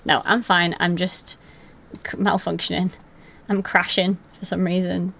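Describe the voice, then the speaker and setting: A woman's voice: on the low side, flat delivery, measured pace, gravelly, a bit bright. A young woman streaming live from her room at home, chatting loosely and answering her chat by name.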